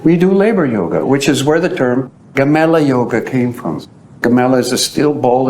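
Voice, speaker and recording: A man giving a storytelling talk, acting out the voices of the people he describes. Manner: animated storyteller who acts out quoted voices. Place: at the site being described. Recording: roomy echo with faint low rumble.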